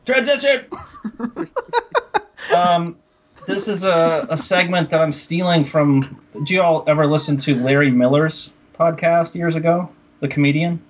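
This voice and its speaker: A man's voice: fairly high pitch, fairly even intonation, moderate pace, muffled recording. A man co-hosting a casual podcast, reading a mock-serious comic poem aloud and breaking into laughter between lines. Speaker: podcast co-host.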